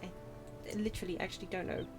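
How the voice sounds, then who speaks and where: A woman's voice: fairly low pitch, little pitch movement, quick pace, music in the background. Giggly woman streaming a game. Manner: chatty and giggly, with frequent laughs. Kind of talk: casual gaming chat.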